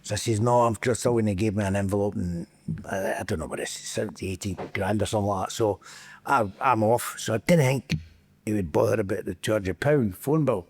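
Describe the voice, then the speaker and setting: Lowish and brisk, a middle-aged man with a Scottish accent tells football anecdotes as a podcast guest in casual chat, acting out quotes and laughing often. A little hiss or hum sits under the recording.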